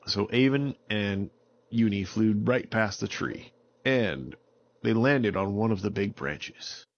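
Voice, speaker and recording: Brief: relaxed male storyteller, low and unhurried, dull home recording. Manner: relaxed, unhurried, with small restarts. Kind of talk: improvised bedtime storytelling.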